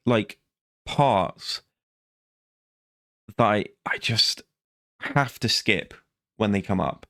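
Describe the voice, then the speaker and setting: A worn-out man rants through a rambling, sarcastic vlog review, correcting himself as he goes. His voice sits fairly low and sounds dry and close, with no room around it. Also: animated, slow, long pauses, bright, forceful tone, no room sound. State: tired. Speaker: vlogger.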